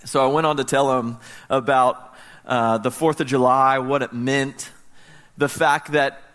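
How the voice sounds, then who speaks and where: An American pastor in his thirties preaches a sermon, telling a lively story that swings between loud and hushed. His voice is medium-pitched and unhurried.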